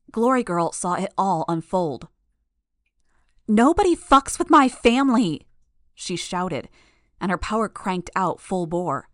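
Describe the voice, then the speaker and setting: A woman reading a first-person action novel as an audiobook in a steady, measured way. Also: lowish voice, no room sound, studio quality. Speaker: audiobook narrator.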